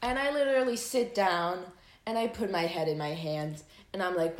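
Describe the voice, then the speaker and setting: A young woman hosting, telling a personal story casually, animated and full of fillers and swearing. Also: lowish voice, moderate pace. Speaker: host. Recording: echoey room.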